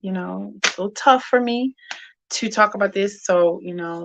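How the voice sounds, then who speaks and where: Speaking at normal speed in a mid-range, fairly bright voice with some vocal fry, a middle-aged woman hosts a women's grief discussion. The chat is casual and sincere, and she rambles candidly with many fillers and restarts.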